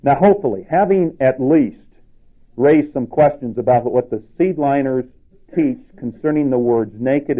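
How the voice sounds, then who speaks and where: A man preaching a sermon with emphatic delivery, rising in pitch to stress his points. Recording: tinny phone-like sound.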